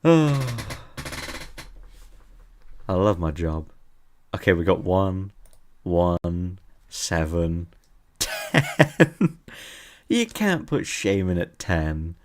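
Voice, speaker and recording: A man's voice: low voice, darkish tone. A young man streaming from his desk, teasing his chat in a playful, casual way.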